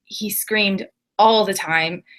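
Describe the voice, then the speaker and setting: Woman, 30s, guest on a video call, bright tense tone, candid storyteller. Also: mid-range voice, fairly even intonation. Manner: candid and warm storytelling, quick asides. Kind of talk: personal story on a group call.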